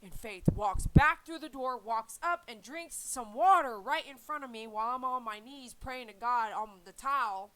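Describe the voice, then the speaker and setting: Earnest rambling woman, slightly high voice. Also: moderate pace, few pauses, a bit bright, poor audio. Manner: earnest, rambling, repeats herself. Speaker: dog groomer and channel host. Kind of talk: casual faith talk to viewers.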